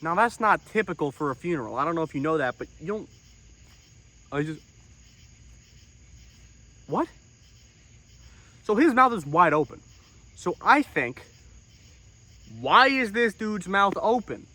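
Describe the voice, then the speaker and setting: A young man in a comedic monologue, self-important and deadpan, breaking into outraged, swearing outbursts. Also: fairly high pitch, a little slow, pauses often, no room sound. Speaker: comedic storyteller in character.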